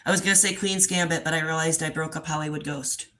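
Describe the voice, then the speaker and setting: A woman's voice: deep voice, steady tone, fast, pushed and bright, low-quality recording. A woman hosting a casual livestream outdoors by a pool, talking loosely and profanely while coaxing her dogs along. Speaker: livestream host.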